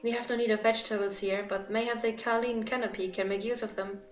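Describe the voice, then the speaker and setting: A woman voicing a gracious townsperson who gives thanks in a measured tone while reading game dialogue aloud. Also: on the high side, steady tone, reverberant, far from the mic, soft background music, lightly acted.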